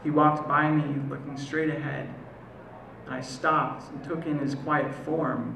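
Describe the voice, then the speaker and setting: An American man recites his poem live in a gravelly voice, pausing to let lines land. The room around him is echoey, with a faint hum of ambience underneath. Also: medium pitch, little pitch movement, bright, forceful tone. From United States. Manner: measured, deliberate delivery with slow, lingering pauses. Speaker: poet. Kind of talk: spoken word poetry performance. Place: live performance venue.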